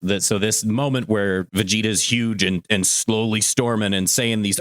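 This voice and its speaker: A man co-hosting a casual podcast, talking animatedly with casual swearing, dropping into quick jokey voices as he retells scenes. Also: lowish voice, fairly even intonation, fairly bright tone, no echo, studio quality. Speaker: podcast co-host.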